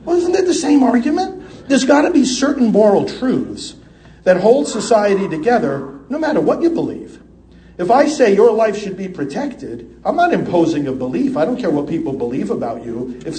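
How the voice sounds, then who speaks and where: An American man preaching a sermon with passion, swinging between loud emphasis and quiet asides. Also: sits high, very animated, brisk, echoey room, a little hiss or hum. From United States.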